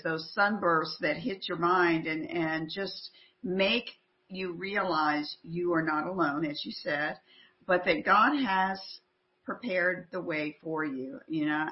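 A woman co-hosting a faith talk show, speaking earnestly and with animation, often repeating words as she builds her point. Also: lowish voice. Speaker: podcast co-host. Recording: slightly muffled audio.

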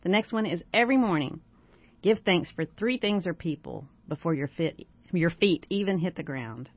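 A woman's voice: fairly low pitch, lively intonation, moderate pace, no room sound. A woman guest life coach giving encouraging, step-by-step advice on gratitude in a casual talk. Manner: warm, encouraging, lists steps. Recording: dry dull lo-fi sound.

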